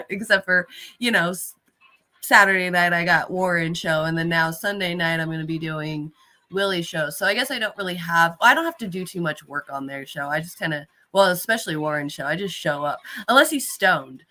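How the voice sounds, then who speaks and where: A woman's voice: on the low side, bright, forceful tone. A woman chatting casually on a live stream, laughing often and swearing freely.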